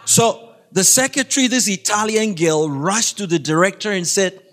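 Man, middle-aged, high voice, chatty faith talk, laughs often, quizzes the crowd. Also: animated, normal speed, fairly bright tone. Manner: chatty, laughing, asks the audience questions. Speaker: guest speaker. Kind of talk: humorous faith talk to a school audience.

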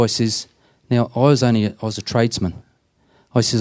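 A man's voice: mid-range voice, flat delivery, brisk, a little mellow. A man, a deacon, earnestly telling stories in an interview and acting out the dialogue. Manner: earnest, plain-spoken, acts out quoted dialogue. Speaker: deacon and prison minister. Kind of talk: storytelling in an interview.

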